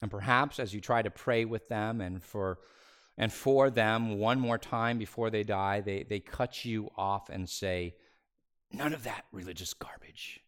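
A man preaching a sermon as pastor, swinging between loud, raised passages and hushed, near-whispered phrases, and slowing down to stress key words. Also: on the low side, clear, resonant tone. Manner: slows down on key words for emphasis.

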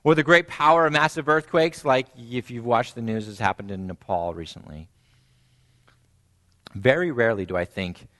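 A man preaching a sermon, animated and storytelling, acting out quoted voices and softly repeating key phrases for emphasis. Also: normal speed. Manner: animated, acts out quoted voices with big pitch jumps. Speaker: pastor.

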